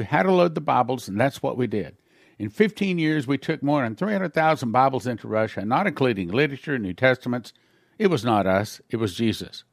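A man's voice: mid-range voice, no room sound, clean studio sound. A man giving an earnest spoken testimony in a sermon, telling his story plainly with small slips and acting out the voices of others. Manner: acts out dialogue with shifting voices.

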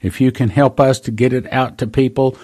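Speaking briskly with fairly even intonation, a man with a mid-range, slightly mellow voice preaches on his prophecy talk show. In his earnest monologue he calls listeners brothers and sisters and reads dates and quotes at length.

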